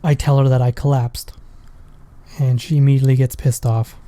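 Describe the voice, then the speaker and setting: A man's voice: mid-range voice, flat delivery, moderate pace, warm tone. A man, a father, casually telling a personal story in a rambling, profane way. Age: adult with a school-age daughter. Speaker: vlogger.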